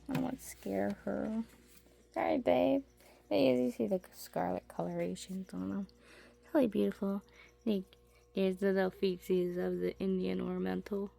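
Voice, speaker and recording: A woman chatting casually in a home basement as she shows her pet tarantulas. She rambles, trails off mid-sentence and coos softly at her animals. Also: medium pitch, vocal fry. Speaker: pet keeper showing her tarantulas and fish. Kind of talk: casual vlog chat.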